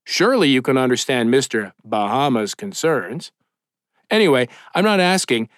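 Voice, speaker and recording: A man's voice: mid-range voice, sing-song, moderate pace, no echo, clean studio sound, natural voice. A man voicing a swaggering young male enforcer who gives orders. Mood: pushy. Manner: bossy, swaggering.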